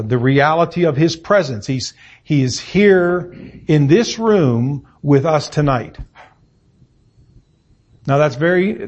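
A middle-aged man preaching an evening sermon in a church room, reading scripture and stressing words deliberately with fillers and pauses. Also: on the high side, breathy edge. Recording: muffled lo-fi sermon recording.

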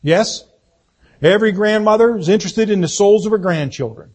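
In a church sanctuary, a male pastor preaches a sermon in a raised, rather high, husky voice at a brisk pace. He builds to rising emphasis on his key points, then drops into softer, conversational asides to the congregation.

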